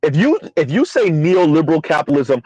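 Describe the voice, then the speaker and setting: A man's voice: a little high, sing-song, fairly quick, a little mellow, husky, dry recording, poor audio. A man hosting a casual commentary stream, rambling with fillers, addressing his chat and calling himself by name in third person. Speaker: commentary channel host.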